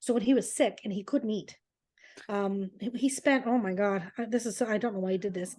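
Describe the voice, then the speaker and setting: Animated woman telling family stories. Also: mid-range voice, brisk. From Canada. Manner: animated storyteller, laughs often, does voices of her dad. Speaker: podcast co-host. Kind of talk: casual chat.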